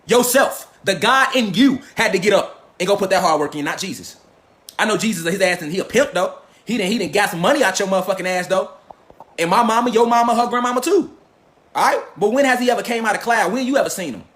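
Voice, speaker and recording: Heated, high-voiced man ranting. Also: expressive, fast, fairly bright tone. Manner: heated, mocking, rhetorical questions. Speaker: host of a lecture channel. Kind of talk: profane, animated monologue.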